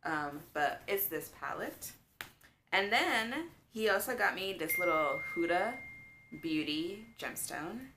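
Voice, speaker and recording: A woman's voice: lowish voice, animated, slow pace, pushed and bright, a little hiss or hum. A young woman chatting casually in a makeup tutorial, gushing with lots of fillers. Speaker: beauty vlogger.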